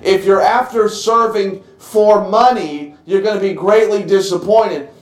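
Pastor guy preaching, kinda high voice, stumbles and restarts a lot, roomy echo. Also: unhurried. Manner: earnest, emotional preaching with frequent stammered restarts. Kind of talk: sermon. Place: church.

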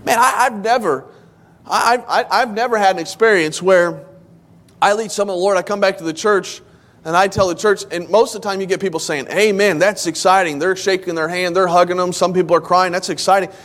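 A man's voice: sits high, fairly quick, fairly bright tone. A man in his thirties preaching a sermon in church, telling the story with animation and acting out the voices of the people he quotes. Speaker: pastor.

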